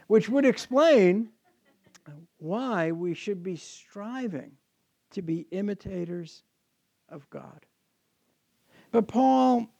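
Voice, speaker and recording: Gravelly, dark-voiced male pastor preaching. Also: sits high, no echo. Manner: earnest, repeats words when restarting. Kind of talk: sermon.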